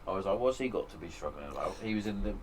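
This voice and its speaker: A very deep-voiced man talks openly and emotionally as a podcast host. He swears freely in a relaxed chat. Faint background hiss sits under the recording made in a home shed. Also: very fast. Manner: frank, emotional, heavy swearing. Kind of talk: candid casual chat.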